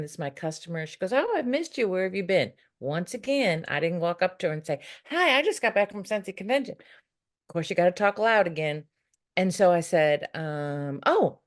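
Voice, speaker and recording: A woman on a video call telling a story, animated and acting out what others said. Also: low voice. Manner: animated, acts out the voices in her stories. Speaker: team member on a video call. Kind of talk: casual storytelling.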